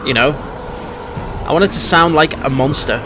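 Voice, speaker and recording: A man's voice: a little high, normal speed, over music. A man hosting a casual reaction video, giving his opinion in a blunt, chatty way and often restarting his sentences. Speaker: YouTube reaction host.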